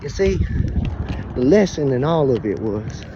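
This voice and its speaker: A man's voice: medium pitch, very animated, a little slow, dull audio, background noise. A man telling a rambling comic story full of swearing and slang.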